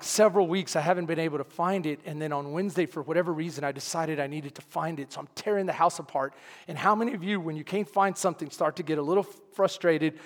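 A man preaching a sermon, telling a story with acted-out dialogue, laughing often and swinging from quiet to loud. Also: a little high. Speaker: pastor. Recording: long hall reverb.

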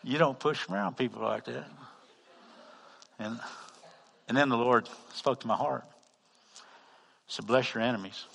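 A man with a Texan accent, a pastor telling a story in a sermon, acting out the dialogue and swinging from loud to hushed. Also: medium pitch, unhurried, creaky, pauses often, slightly rough, in a large hall. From Texas. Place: church hall.

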